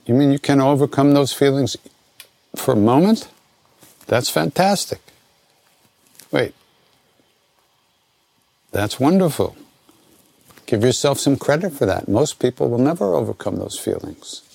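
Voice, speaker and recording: Older American male teacher, gravelly low voice, loose rambling delivery, dry close recording. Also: a little slow, pauses often, no echo. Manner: relaxed, conversational, self-interrupting. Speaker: spiritual teacher answering questions. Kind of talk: informal spoken Q&A teaching.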